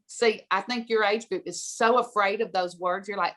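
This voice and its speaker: A woman's voice: mid-range voice, moderate pace, few pauses, a bit bright. Middle-aged woman guest, direct and emphatic, storytelling advice. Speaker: guest speaker on money.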